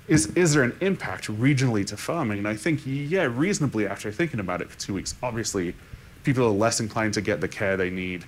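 A man with a somewhat low voice answers questions on a conference panel. He thinks aloud, restarts his sentences and keeps checking in with "right?". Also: fast, a little hiss or hum. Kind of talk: unscripted panel discussion.

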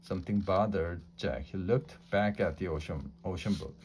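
A man reading a children's storybook aloud in a slow, deliberate way, with small slips. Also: deep voice, darkish tone, slight background noise. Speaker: storybook reader.

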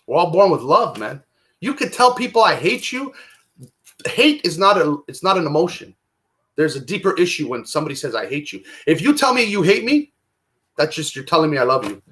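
A man's voice: on the high side, sing-song, a little fast. Emotional man sharing his recovery story. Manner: emotional, repetitive, swings loud and soft. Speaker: guest. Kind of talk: candid conversation about recovery.

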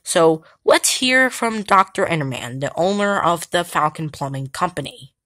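A woman's voice: on the low side, very animated, normal speed, a bit bright, no echo. A woman playing Judge Angel, a formal judge. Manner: announcing, formal. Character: formal male courtroom judge.

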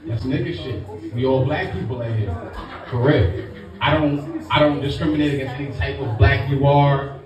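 Live at a comedy lounge, a middle-aged stand-up from Brooklyn, New York, teases the audience through a brash, profane set. He speaks at medium pitch and normal speed. The sound is distant and echoey, mixed with music and the crowd.

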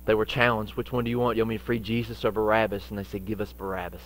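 Racing through his sermon in a lowish voice with a flat delivery, a pastor speaks over slight background noise. He still uses folksy phrasing and repeated lines, swinging dramatically between loud and hushed.

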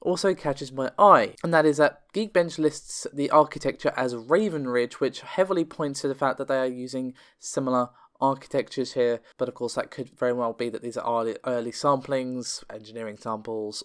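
A man's voice: mid-range voice, fairly bright tone. Under-the-weather man hosting tech news. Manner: quick, chatty, reads figures aloud with self-corrections. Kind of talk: solo tech news commentary.

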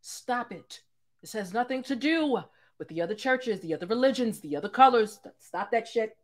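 A woman's voice: on the high side, expressive, normal speed. A woman hosting a casual reaction commentary, blunt and scolding. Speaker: commentary host.

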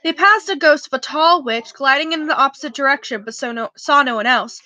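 A woman's voice: sits high, fairly quick, bright, forceful tone, rough recording. A woman reading a novel aloud in a casual way, with small slips and restarts. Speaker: reader.

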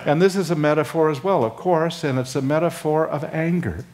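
An older man, a seminary professor, preaching an expository sermon with frequent pauses and fillers, his voice lifting for emphasis. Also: a little high, darkish tone. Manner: acts out dialogue between Moses and God.

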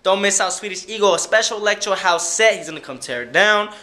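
A man's voice: sits high, animated, fast, bright, forceful tone. A young adult man, a DJ and club promoter, talking in a rambling, hyped, playful vlog style with casual swearing.

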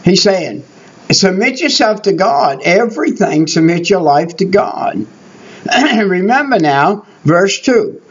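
A man's voice: high voice, very animated, slow, breathy edge. An older man preaching a Bible teaching sermon, emphatic and repetitive, driving his points home. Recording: dull lo-fi recording.

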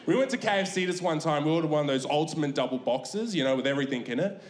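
A man's voice: fairly high pitch, expressive, fast, reverberant. A young Australian man doing a stand-up routine on a comedy club stage, laid-back and swearing as he tells a story.

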